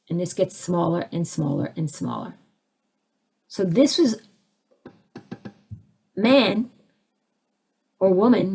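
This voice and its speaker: A woman teaching a spiritual session in an animated, conversational way, answering audience questions as they come in. Her pitch sits mid-range for a woman. She jumps into acted voices of the people she describes, swinging up high and then dropping back down. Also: breathy edge.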